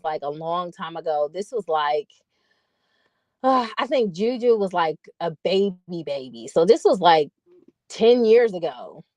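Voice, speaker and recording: A woman's voice: mid-range voice, no room sound. Profane, chatty woman vlogger. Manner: profane, loose and colloquial; chatty, laughing asides. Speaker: vlog host. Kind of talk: casual storytelling monologue.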